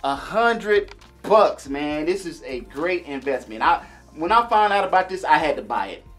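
Man, casual gear demo vlog, slightly high voice, easygoing chatter, faint music behind. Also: animated, moderate pace, fairly bright tone. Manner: laid-back, chatty, addresses viewers as y'all and man. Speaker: gear reviewer.

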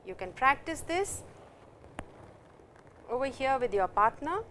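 A woman's voice: high-pitched, very animated, sharp tone, slight background noise. An Indian woman teaching a Japanese lesson, explaining grammar step by step and reading example lines aloud. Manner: explains slowly, reads dialogue lines aloud. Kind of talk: recorded language lesson.

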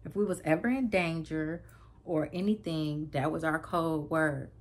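A woman vlogger telling a story casually to camera, animated and emphatic, often repeating herself and addressing her viewers. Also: low-pitched, a little slow.

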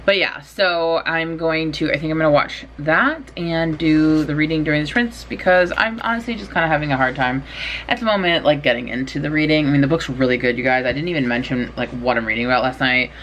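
Casting: young woman, casual home vlogger, low voice, faint room hum, rambling, self-mocking. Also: brisk, a bit bright. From California. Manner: rambling, chatty, self-deprecating. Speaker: writing vlogger. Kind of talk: casual vlog chat. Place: bedroom at home, in doors.

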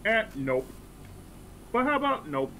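A man joking around with friends during a game stream, animated and swearing. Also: sits high, a little slow, a little hiss or hum. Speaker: co-player on a stream. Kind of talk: casual game chat.

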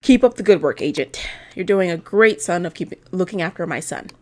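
A woman's voice: fairly low pitch, animated, brisk, lightly acted. A woman reading as a proud, chatty middle-aged dad. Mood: fatherly. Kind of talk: reading game dialogue aloud.

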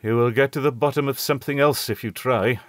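A man's voice: mid-range voice, fairly even intonation, fairly quick, no echo, studio quality, pitched above the performer's own voice, lightly acted. A man reading an audiobook, voicing a blunt, superstitious ship's doctor who is curt and stubbornly sure of himself. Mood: wry.

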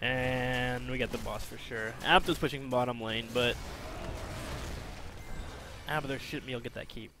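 A man giving casual, self-mocking commentary while playing a video game, chatty and jumping between excited outbursts and low mumbles. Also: unhurried, pauses often, background noise.

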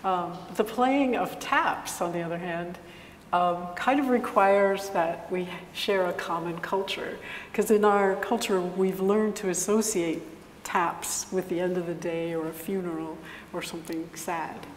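A woman giving a live talk to an audience, calm and explanatory with a few hesitations. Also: on the low side, a little slow. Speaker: composer presenter. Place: lecture hall. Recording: echoey hall with faint noise.

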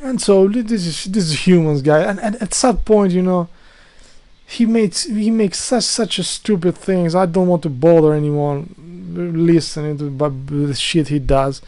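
A man's voice: on the high side, normal speed, dark tone. Exasperated man ranting in broken English. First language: not English. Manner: exasperated ranting, swears often, restarts a lot. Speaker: vlogger. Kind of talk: casual rant to camera.

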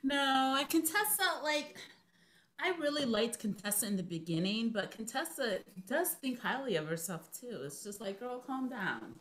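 A woman in a casual chat about an episode, unhurried, agreeing often and laughing easily. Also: on the high side, expressive, a bit bright. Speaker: cast member discussing an episode.

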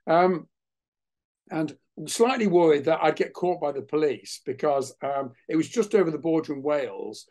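A man, a naturalist guest on a webinar, telling a lively anecdote over a video call and acting out other people's voices. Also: fairly high pitch, normal speed. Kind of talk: anecdotal storytelling in a webinar interview.

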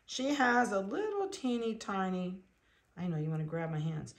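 A woman breeder narrating a casual video, chatting along and cooing softly to the animals she handles. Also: mid-range voice, expressive, normal speed. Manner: chatty, coos softly to puppies. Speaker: dog breeder.

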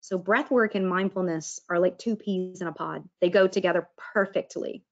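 A woman's voice: lowish voice, normal speed, dull audio. A woman giving a casual presentation on mindfulness and breath work, chatty and acting out quoted inner voices. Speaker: wellness presenter.

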